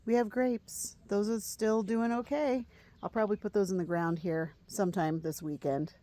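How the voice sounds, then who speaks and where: A woman's voice: mid-range voice, fairly even intonation, moderate pace, warm tone. A woman giving a chatty, meandering walkthrough of her home garden in a casual vlog. She fills her speech with frequent ums as she strolls outdoors. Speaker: gardening vlogger.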